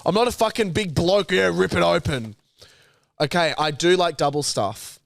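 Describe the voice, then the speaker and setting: A man's voice: on the high side, normal speed, vocal fry, no echo, clean studio sound. A young Australian man in casual podcast banter, blunt, crude and swearing a lot. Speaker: co-host.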